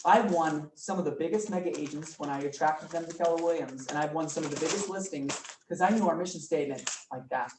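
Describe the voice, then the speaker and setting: A man teaching a real estate class, energetic and often quizzing his students. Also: on the high side, quick pace. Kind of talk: live classroom training talk. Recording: roomy room, mic from far off, faint noise.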